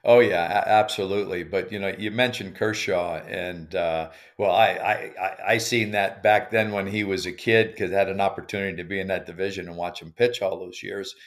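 A man's voice: low-pitched, steady tone, brisk, few pauses. An older man, a baseball coach guesting on a podcast, telling stories in a rambling way with many restarts. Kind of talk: casual interview conversation.

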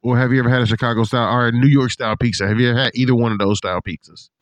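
A man hosting a casual chat, telling profane, animated stories and acting out what people said. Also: medium pitch, racing, clear, resonant tone, dry recording. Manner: animated, profane storytelling with put-on quotes. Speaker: podcast host.

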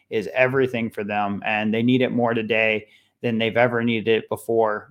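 A middle-aged man speaking as a podcast guest, relaxed and conversational in an average male register. He tells stories with energy, slipping into lively voices for the people in them. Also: medium pitch. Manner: animated, acts out voices in his stories. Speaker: podcast guest, parenting coach. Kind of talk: conversational storytelling.

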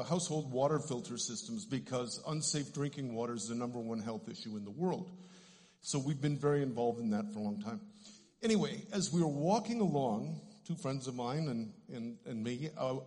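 Man in his sixties preaching in a reverberant hall. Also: mid-range voice. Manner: earnest storyteller, animated when telling of healings. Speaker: ministry director. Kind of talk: sermon with storytelling.

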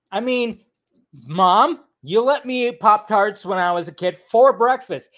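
A man with a fairly high voice hosts a loose, chatty podcast. He rambles through entertainment news, swears freely and keeps circling back with "I tell you what.". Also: lively intonation, a little slow, a bit bright. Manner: rambling, swearing, filler-heavy, laughs often. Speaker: podcast host. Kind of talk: casual solo news chat.

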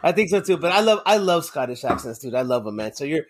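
A man's voice: a little high, sing-song, fast talker, slight background noise. A man hosting a casual podcast chat, rambling and swearing often and going off on tangents. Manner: rambling, profane, goes off on tangents. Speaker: podcast host.

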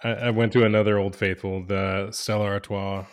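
A man's voice: lowish voice, little pitch movement, normal speed. A man co-hosting a casual movie podcast, laid-back and joking. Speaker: podcast co-host.

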